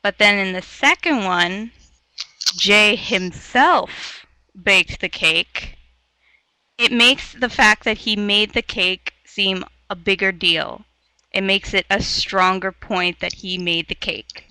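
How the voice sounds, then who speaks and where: A woman from Canada teaching an online English lesson, patient and encouraging, explaining slowly. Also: mid-range voice, fairly even intonation, bright, forceful tone, clear, resonant tone, no echo, rough recording. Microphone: video call headset or laptop mic.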